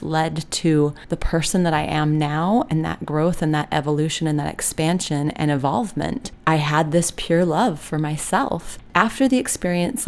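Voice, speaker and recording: A woman's voice: deep voice, a little mellow. A middle-aged woman, a hypnotherapist, telling a personal story in an earnest, heartfelt, reflective way.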